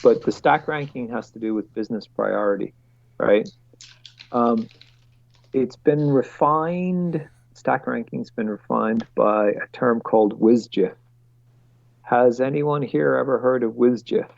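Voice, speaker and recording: A man's voice: medium pitch, measured pace, vocal fry, a little mellow, no room sound. A man acting as product owner who explains work planning to his team on a video call, talking bluntly, swearing freely and drifting into rants. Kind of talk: casual meeting explanation. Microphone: computer mic on a video call. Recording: dull lo-fi call audio.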